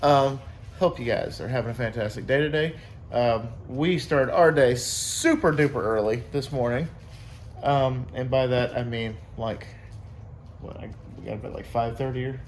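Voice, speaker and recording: A man's voice: mid-range voice, moderate pace, a little hiss or hum. A young man casually vlogging to his viewers, rambling through a story with many fillers. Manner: rambling, upbeat, lots of fillers and quoted voices.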